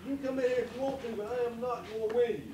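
A stubborn, drawling holdout refuses to leave his room, as a man plays him in game voice chat. The voice sits very high and thin. He sounds folksy and flatly defiant. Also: rapid-fire. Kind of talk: in-game role-play voice chat.

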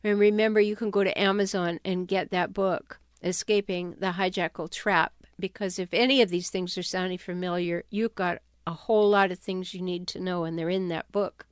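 A woman giving advice on toxic relationships in an emphatic, animated way. She sometimes drops her voice to act out quoted sarcastic remarks. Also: lowish voice, moderate pace, hardly any pauses, clear, resonant tone, no room sound, clean studio sound. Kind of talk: talking-head advice video.

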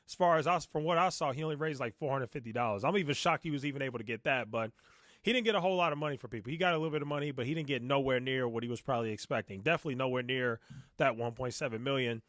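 A man's voice: medium pitch, racing, a bit bright, no echo, clean studio sound. A man giving blunt, mocking reaction commentary on a live stream. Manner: blunt, mocking, quotes others in a sneering tone.

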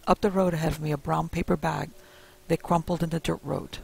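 A man narrating a first-person spooky story in a measured, suspenseful way. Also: on the high side, level tone, gravelly, husky, rough recording.

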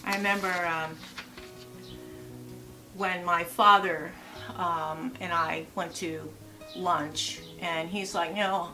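A woman's voice: lowish voice, takes it slowly, long pauses, faint music behind. Chatty woman in her sixties. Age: 60s. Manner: chatty, animated, with asides and rhetorical questions. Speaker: lifestyle vlogger. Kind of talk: casual chatty advice vlog.

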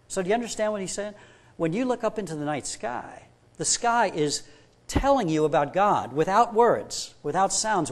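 A man preaching with a voice on the higher side. He asks his listeners rhetorical questions to stress his points. When he retells a story, he acts out both people in it. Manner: emphatic, builds up with rhetorical questions. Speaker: pastor. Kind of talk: sermon.

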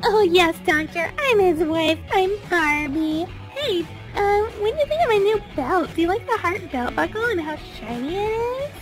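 A woman's voice: very high voice, normal speed, hardly any pauses, faint music behind. A woman doing a squealy, self-absorbed doll. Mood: chatty. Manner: excitable, gushing, squealy. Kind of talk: toy play voice acting.

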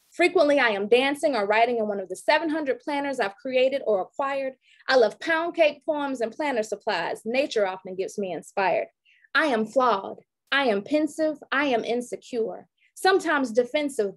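A woman in her thirties, an educator from Detroit, giving an online workshop talk and reciting a rhyming, rhythmic poem about herself over a video call. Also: a little high. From Detroit, raised in Georgia. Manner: rhythmic, rhyming poetic delivery.

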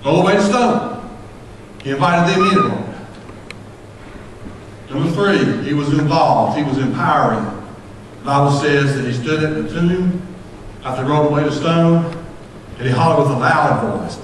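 A man preaching a sermon as pastor, folksy and impassioned, rising to shouts at his peaks. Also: on the high side, a little fast, a little hiss or hum. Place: church sanctuary. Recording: echoey church hall from far off.

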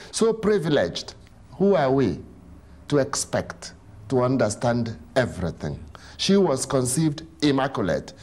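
A man explaining Catholic teaching in an emphatic, animated way, often asking rhetorical questions. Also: on the high side.

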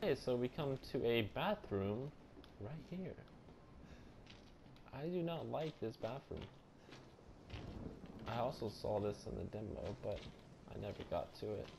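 A man giving jumpy, profane let's play commentary, breaking into loud frightened outbursts. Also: mid-range voice, animated, a little slow, creaky, pauses often, background noise. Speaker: gamer.

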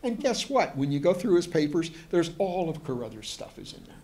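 A man's voice: fairly high pitch, big pitch swings, a little fast, darkish tone. A man, a museum historian, giving a lecture to an audience, hesitant with many fillers and restarts, and chatty with joking asides.

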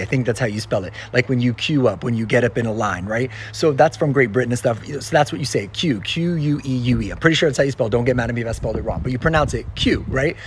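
Fast-talking exasperated man telling a story. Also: medium pitch, slight background noise. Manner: rapid, exasperated rambling. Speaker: comedian. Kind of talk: comic storytelling to camera.

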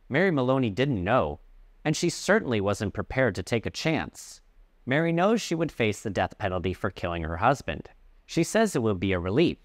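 A man teaching English, reading a story aloud and clearly explaining words along the way. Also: on the low side, dry recording, clean studio sound.

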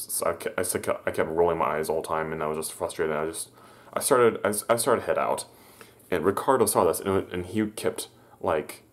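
A man telling a personal story to his viewers, halting, stammering and correcting himself as he goes. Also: deep voice. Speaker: vlogger.

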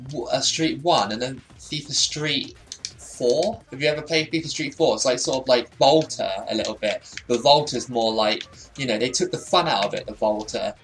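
A young man casually commenting on his gameplay, chatty and self-deprecating, laughing often and bursting out excitedly at goals. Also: a little high, slight background noise. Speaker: gaming YouTuber.

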